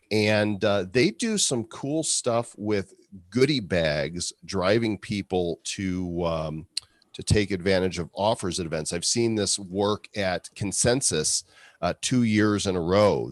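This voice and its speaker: A male podcast host with a slightly low voice talks briskly and casually, with the odd um and uh. The sound is close and dry, with no room echo. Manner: chatty, brisk, with fillers. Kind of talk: podcast talk with sponsor read.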